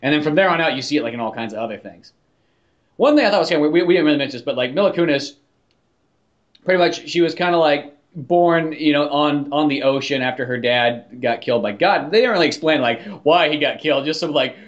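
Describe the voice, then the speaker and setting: A man's voice: a little high, fast, highs cut off. A man co-hosting a podcast in casual chat. He rambles, swears freely and leans on "like" fillers. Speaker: podcast co-host.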